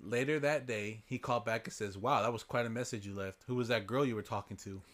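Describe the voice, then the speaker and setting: A man's voice: lowish voice, fast talker, fairly bright tone. Man casually reading listener stories aloud. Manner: swears freely, reads stories aloud with laughs. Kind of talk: casual podcast chat and story reading.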